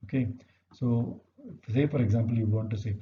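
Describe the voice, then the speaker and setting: Fast-talking man teaching. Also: on the low side, steady tone, reverberant, dull audio, slight background noise. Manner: quick, explanatory, mixes in Kannada phrases. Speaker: language teacher. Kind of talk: explaining Kannada grammar in English.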